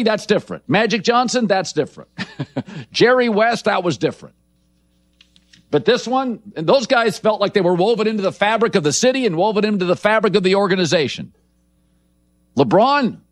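A man's voice: high-pitched, big pitch swings, normal speed, no echo, studio quality. A man hosting a sports talk show, delivering punchy, opinionated takes. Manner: emphatic, punchy declarations.

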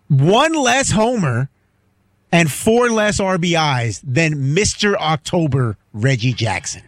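A man on a sports talk show reads out stats with a playful edge. His pitch moves a lot as he talks. The sound is dry and close. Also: a bit bright, no echo. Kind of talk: casual sports banter.

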